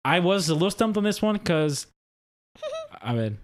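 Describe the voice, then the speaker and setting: A man's voice: on the high side, big pitch swings, moderate pace. A man co-hosting a podcast in casual chat, swearing offhandedly and calling his friends dude. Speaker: podcast co-host.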